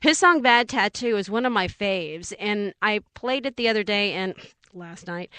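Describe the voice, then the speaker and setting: A woman's voice: medium pitch, expressive, moderate pace, fairly bright tone, dry recording. Rambling Texan woman radio host. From Texas. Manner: rambling and chatty, loses her train of thought. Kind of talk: casual radio chat between songs.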